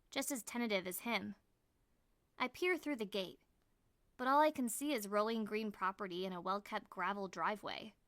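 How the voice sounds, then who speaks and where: A woman narrating an audiobook in the first person, reading in an expressive, measured way. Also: medium pitch, dry recording.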